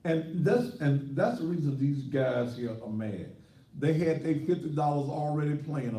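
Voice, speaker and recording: A man's voice: medium pitch, dark tone, far from the mic. A man who is a pastor hosting a call-in talk show, ranting in a brash, boastful and mocking way. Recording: echoey room, voice from off the mic.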